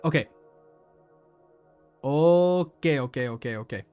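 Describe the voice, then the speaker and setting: A man's voice: a little high, animated, slow pace, darkish tone, clean tone, faint music behind. A man streaming live, chatting casually with his viewers, laughing often and repeating words as he talks.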